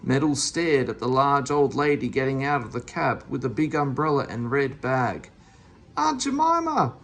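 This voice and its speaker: A reader narrating a classic children's story aloud in an expressive storybook style. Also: medium pitch, normal speed. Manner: expressive, animated.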